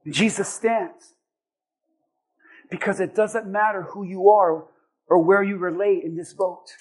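High-voiced preacher man shouting and hushing. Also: steady tone, unhurried, husky. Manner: swings between shouting acted disciples and soft hushed assurance. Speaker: pastor. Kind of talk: sermon.

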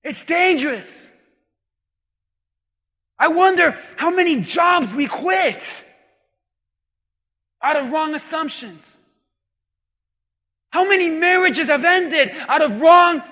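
High, piercing shouting preacher. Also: male voice, expressive, takes it slowly, pauses often, long reverb tail. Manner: emphatic, shouting, calls on the congregation. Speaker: pastor. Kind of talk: sermon.

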